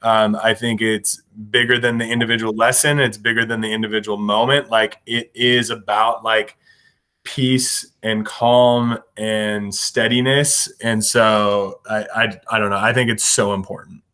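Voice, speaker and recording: A man's voice: fairly low pitch, level tone, unhurried, pushed and bright. A man co-hosting a podcast, speaking earnestly and encouragingly, repeating phrases for emphasis. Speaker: podcast co-host, former football coach. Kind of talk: casual podcast conversation.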